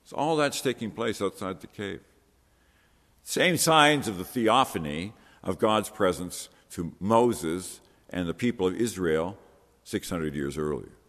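Deep-voiced man preaching in a hall. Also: expressive, measured pace, fairly bright tone. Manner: conversational, earnest preaching with rhetorical questions. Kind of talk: sermon.

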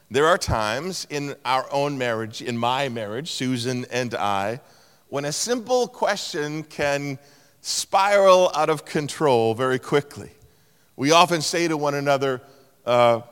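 Middle-aged guy preaching, slightly high voice, acts out funny voices, big echoey sanctuary. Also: smooth. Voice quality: animated storytelling with playful mimicry of a higher-pitched tone. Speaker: pastor. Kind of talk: sermon. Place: large church sanctuary. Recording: long hall reverb.

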